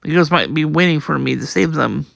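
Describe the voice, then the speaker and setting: A man's voice: on the high side, a little fast, gravelly, fairly bright tone, no echo. A man voicing a chivalrous young male cook in a manga read-aloud, chatty and musing. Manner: chatty, self-questioning.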